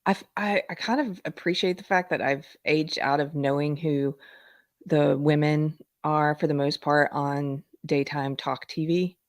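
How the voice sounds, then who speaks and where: A woman's voice: sits low, steady tone, measured pace, no echo. A middle-aged woman hosting a live-stream talk show, chatty, with sly asides and frequent laughter. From United States. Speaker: host.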